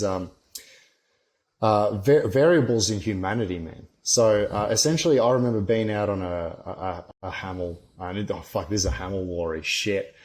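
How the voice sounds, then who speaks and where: A man's voice: lowish voice, a little mellow. A man, a former soldier, talking bluntly and rambling in a casual podcast chat, swearing constantly.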